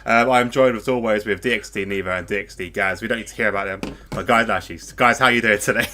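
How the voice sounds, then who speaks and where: A man's voice: lowish voice, fast, sharp tone. A man from the UK hosting a casual live podcast, chatty and rambling, with fillers and frequent laughs. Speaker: podcast host.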